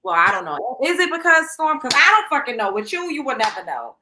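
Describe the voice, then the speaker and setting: A young woman hosting a casual podcast chat, animated, laughing often and swearing casually. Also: a little high, fast talker, rough recording. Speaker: podcast host.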